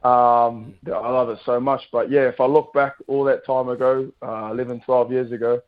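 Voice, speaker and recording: A man's voice: medium pitch, little pitch movement, normal speed, narrow, tinny audio. A man in his thirties with a New Zealand accent, chatting casually as a radio guest with plenty of fillers. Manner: laid-back, chatty, lots of fillers. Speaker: guest rugby player.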